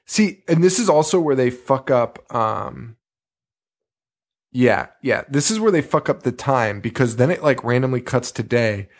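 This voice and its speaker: A man's voice: mid-range voice, animated, unhurried. A man co-hosting a podcast, rambling through a movie review in casual chat and swearing freely in exasperated, sarcastic asides. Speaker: podcast co-host.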